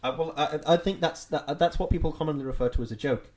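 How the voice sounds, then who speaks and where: A man's voice: a little high, quick pace, crowd noise. A young man, chatting casually as a podcast co-host, rambling and wry, often trailing off into a mumble. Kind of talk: casual chat.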